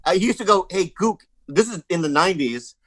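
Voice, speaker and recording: A man's voice: high voice, lively intonation, brisk, fairly bright tone, dry recording. A man guest on a comedy podcast, telling rambling stories in casual chat and saying "you know what I mean" often.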